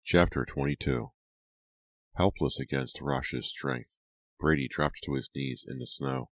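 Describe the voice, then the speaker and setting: A man narrating a horror audiobook in a steady, dramatic way. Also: rumbling low, measured pace, no echo.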